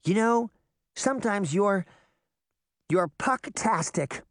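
A small, sweet girl who speaks with earnest wonder, voiced by a man in a raised, lilting pitch. She sounds soft and childlike. The recording is dry and up close. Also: animated, takes it slowly, no echo. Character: sweet, excitable little girl. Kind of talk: audiobook character voice.

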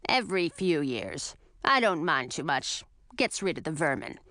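A woman voicing a grouchy, spiteful old female witch with a rough, gravelly, low growl. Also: very animated, moderate pace, bright, forceful tone, dry recording, full character voice. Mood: gruff. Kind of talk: audiobook character voice.

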